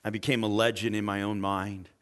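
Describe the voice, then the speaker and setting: A man's voice: on the low side, brisk. A middle-aged man preaching as a pastor, telling personal stories and acting out the voices of the people in them. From California. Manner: animated storyteller, acts out quoted voices. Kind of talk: sermon storytelling.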